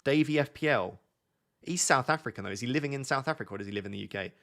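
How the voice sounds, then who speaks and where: A man of ordinary pitch who talks at length in an easygoing, joking way, answering viewer questions on a live stream from his home setup. He rambles happily from one answer to the next. He is relaxed and quick to tease. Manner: waffling, joking. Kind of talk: casual live-stream chat.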